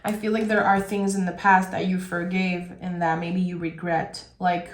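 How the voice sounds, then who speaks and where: A woman's voice: on the low side, flat delivery, normal speed, few pauses. Woman tarot reader, frank and rambling delivery, roomy echo on the recording. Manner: earnest, rambling, frank talk. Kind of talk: casual spoken tarot reading.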